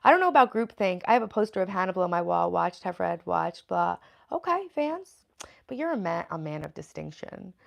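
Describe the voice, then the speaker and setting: A woman's voice: lowish voice, sing-song, fairly quick, vocal fry, lo-fi sound. A woman hosting a casual livestream, chatting loosely with many fillers and reading viewer comments aloud. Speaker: livestream host.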